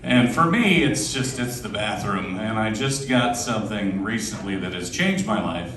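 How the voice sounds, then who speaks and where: Deadpan male stand-up in a roomy club. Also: fairly low pitch, moderate pace, noisy background. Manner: deadpan, self-deprecating storytelling. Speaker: stand-up comedian. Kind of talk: stand-up comedy set. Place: comedy club stage. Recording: roomy club from a distance, crowd.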